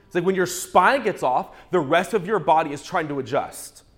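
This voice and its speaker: A male pastor preaching a sermon through a humorous, animated personal story, often restarting his words. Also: a little high, normal speed.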